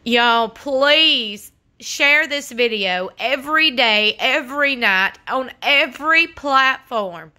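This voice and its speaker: A woman's voice: sits high, sharp tone. A woman hosting a true crime channel, giving earnest, pleading and indignant commentary. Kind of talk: impassioned commentary.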